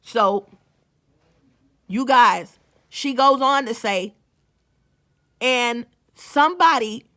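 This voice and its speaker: A woman's voice: on the high side, very slow, long pauses, sharp tone. A woman, a small-business owner, telling a story to her viewers in a casual vlog. She is chatty, restarts her sentences and talks straight to the audience.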